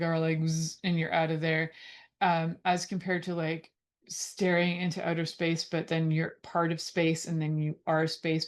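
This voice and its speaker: Middle-aged woman host with a low voice, wanders off on tangents, lots of um and like. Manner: rambling, digressive, lots of fillers. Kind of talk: casual talk on intimacy.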